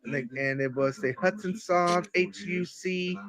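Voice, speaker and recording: A streamer reading facts aloud on a casual stream, halting and stumbling over numbers. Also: mid-range voice, crowd noise, low-quality recording.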